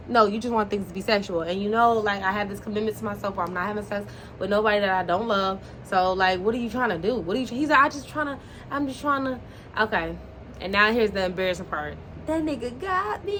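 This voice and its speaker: A woman vlogger telling a dating story in a blunt, profane, animated way, acting out the dialogue as she goes. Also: mid-range voice. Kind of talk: casual storytime monologue. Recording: faint background noise.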